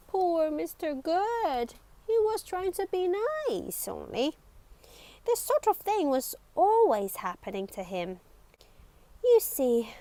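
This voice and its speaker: A woman reading a children's picture book aloud in an expressive way, with dramatic whispers and exclamations. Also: sits high, no room sound, poor audio. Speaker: storybook reader.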